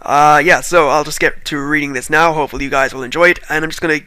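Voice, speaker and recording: A man's voice: fairly high pitch, steady tone, quick pace, pushed and bright, dry recording. A young Irish man with a light Irish accent, chatting casually and self-deprecatingly before reading a creepy story aloud to his viewers. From Ireland.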